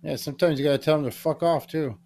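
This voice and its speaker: A man co-hosting a casual podcast throws in blunt, joking remarks. His voice sits a little high for a man. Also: fairly even intonation, quick pace, mellow. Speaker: podcast co-host.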